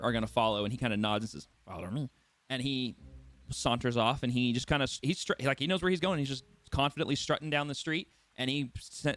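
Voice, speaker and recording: A man's voice: mid-range voice, a bit bright, no echo. A man narrating as game master in a casual, rambling way. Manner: casual, rambling, quick to laugh.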